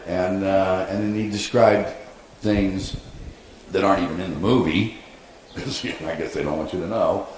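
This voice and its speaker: A man telling an animated story on a convention panel, quoting people and laughing along. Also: sits low, normal speed. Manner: animated anecdote with laughs and acted-out quotes. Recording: echoey convention hall, faint noise.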